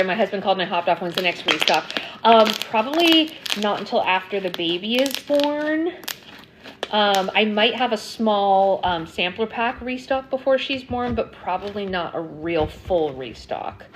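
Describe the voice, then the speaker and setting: Woman streamer, casual livestream chat, mid pitch, reacts to comments, faint noise behind. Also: lively intonation, moderate pace. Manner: chatty, answers viewer comments, many ums. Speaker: slime livestream host.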